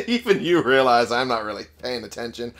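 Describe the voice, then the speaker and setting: A man's voice: mid-range voice, big pitch swings, normal speed, a bit bright. A man casually commenting on a game he is playing, goofy and joking, swearing freely. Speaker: let's play gamer.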